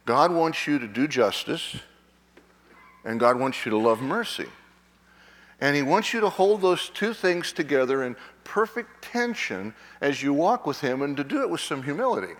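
A man's voice: fairly high pitch, very animated, normal speed, big-room sound. A man in his sixties, a pastor preaching a sermon, emphatic, with frequent restarts and repeated words, asking his congregation questions. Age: 60s. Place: church sanctuary.

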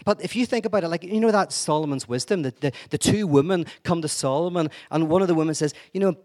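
Man, lecture-style talk, slightly high voice, energetic, wry asides, restarts a lot. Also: fast. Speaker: speaker giving a talk.

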